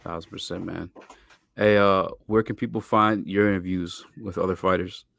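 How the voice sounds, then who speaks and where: A man's voice: deep voice, steady tone, moderate pace, creaky, a bit bright. A man hosting a casual sports podcast, chatting loosely and swearing freely with his guest. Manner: loose, profane, laid-back banter. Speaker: podcast host.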